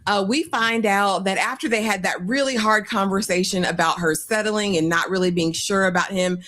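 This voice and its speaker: A woman co-hosting a casual recap of a reality show, animated and acting out the cast's lines in put-on voices. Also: mid-range voice, normal speed. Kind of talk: casual recap chat with a co-host.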